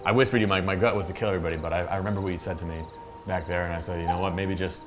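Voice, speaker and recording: A man's voice: low-pitched, steady tone, racing. A man playing a tabletop game, talking casually and chatty. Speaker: player. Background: background music.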